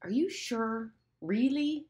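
A woman's voice: on the high side, lively intonation, slow pace, a little mellow, reverberant, voice pushed up. A woman voicing a timid, fretful schoolboy who asks worried, pleading questions in an audiobook reading. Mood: anxious.

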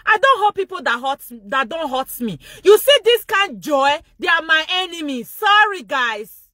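High, bright, laughing Nigerian woman. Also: very animated, normal speed, no room sound. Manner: mocking, laughs loudly and often. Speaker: vlogger and show host. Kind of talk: gossip commentary vlog.

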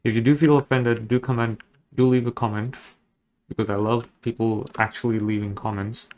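A man's voice: mid-range voice, steady tone, moderate pace, darkish tone. A man chatting casually as he draws digitally, rambling along with jokes and self-deprecating asides. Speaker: digital artist. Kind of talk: casual commentary while drawing.

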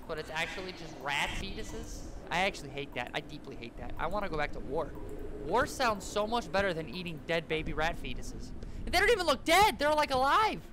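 A man's voice: sits high, background noise. A man giving casual, joking commentary while playing a horror game, with jumpy exclamations. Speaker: gaming YouTuber.

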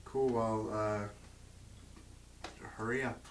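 A man's voice: lowish voice, fairly even intonation, takes it slowly. A man in a comedy sketch, impatient and irritated, calling out to a roommate. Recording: roomy and distant, noisy.

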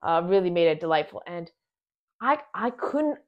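A woman giving a casual spoiler review of a film, talking in an excitable, rambling way and often restarting her sentences. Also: lowish voice, normal speed, lo-fi sound.

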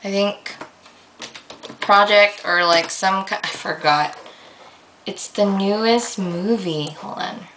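A young woman vlogger ranting casually to her camera, rambling with lots of fillers and getting excitable as she tells a story. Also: mid-range voice, slow pace, long pauses, a little hiss or hum, poor audio.

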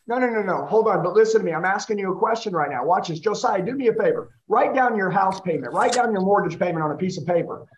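A man's voice: sits high, animated, fast, hardly any pauses, dull audio. A man running a live sales training, coaching a trainee with intense, repetitive questions. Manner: intense, coaching, repeats the listener's name.

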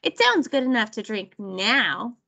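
A woman's voice: on the high side, very animated, a little slow, gravelly, sharp tone, exaggerated voice. A woman voicing a whiny, impatient little girl, the youngest sister, pleading in a storybook read-aloud.

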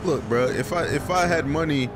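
A man's voice: a little high, normal speed. A man giving casual, rambling gameplay commentary, swearing often and full of fillers. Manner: rambling, excitable, swears a lot, frequent filler. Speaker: gaming YouTuber. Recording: loud game music behind voice. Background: loud music and car engine sounds.

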